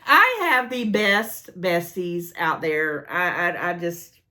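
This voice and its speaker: A woman's voice: fairly low pitch, slow pace. A middle-aged woman chatting casually on her vlog, rambling and gushing to a friend and her viewers as she opens gift mail. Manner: squealing with excitement. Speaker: vlogger opening gift mail.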